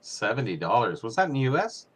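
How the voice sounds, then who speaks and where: A man co-hosting a casual livestream chat, talking quickly and enthusiastically. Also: mid-range voice, big pitch swings, a bit bright.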